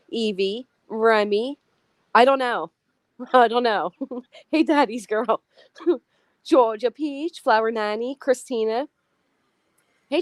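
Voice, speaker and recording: A woman with a slightly high voice hosts a casual livestream, chatting and greeting viewers by name. The recording is dry.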